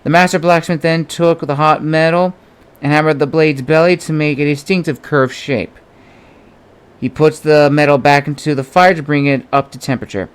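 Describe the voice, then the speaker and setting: A man's voice: fairly high pitch, fairly even intonation, normal speed, clear, resonant tone. A man narrating an audiobook, reading steadily and giving the characters small shifts of voice. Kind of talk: audiobook narration of his own novel.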